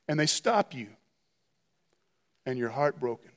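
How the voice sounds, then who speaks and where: High-voiced animated male preacher. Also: a little slow, long pauses. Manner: animated storytelling with repeated restarts. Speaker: pastor. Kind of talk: sermon.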